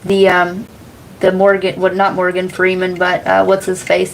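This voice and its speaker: A woman's voice: fairly low pitch, monotone, normal speed, vocal fry, a little hiss or hum, poor audio. An American woman hosting a casual card-reading livestream, rambling, laughing often and swearing now and then as she answers chat. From United States. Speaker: tarot reader and livestream host.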